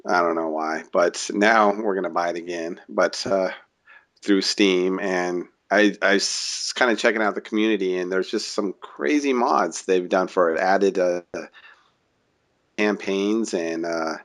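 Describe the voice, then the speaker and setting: A young man co-hosting a gaming podcast, talking in a laid-back, halting way with lots of "uh"s and chuckles. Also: low-pitched, a bit bright. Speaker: podcast co-host. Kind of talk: casual chat.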